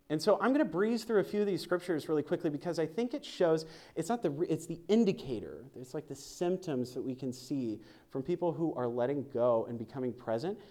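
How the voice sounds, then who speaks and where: A man's voice: a little high, a little mellow. A man preaching a sermon at a church service, conversational and joking as he reads scripture aloud.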